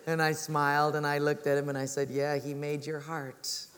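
A man's voice: on the high side, completely flat delivery, moderate pace, in a large hall, background noise. A man preaching as a pastor, telling stories and acting out the voices of the people in them. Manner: storytelling, acts out voices of people in his stories. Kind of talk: sermon.

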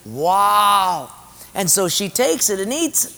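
A man's voice: sits high, very animated, normal speed, vocal fry, big-room sound. A man preaching a sermon to his congregation as pastor, emphatic and repeating his key phrases.

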